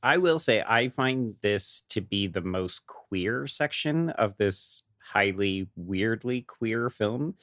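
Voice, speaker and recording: A man on a podcast unpacking a film with animated, expressive delivery. His fairly low voice swings widely in pitch. The recording is dry and close. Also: slow pace, few pauses, no echo. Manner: animated, analytical, laughs often. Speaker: podcast co-host. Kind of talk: casual comedic film discussion.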